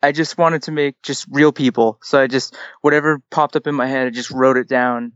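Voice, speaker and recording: A man's voice: mid-range voice, fairly even intonation, fairly quick, fairly bright tone, no echo. A young man answering interview questions about his comic, rambling and hesitant with lots of "like". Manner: rambling, hesitant, heavy use of "like". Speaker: comic writer guest. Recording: dull lo-fi audio.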